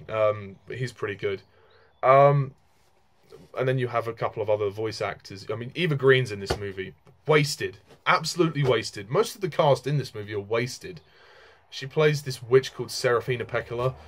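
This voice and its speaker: A man's voice: mid-range voice, a bit bright. A young man talking casually through a film review, frank and rambling, with lots of fillers and restarts.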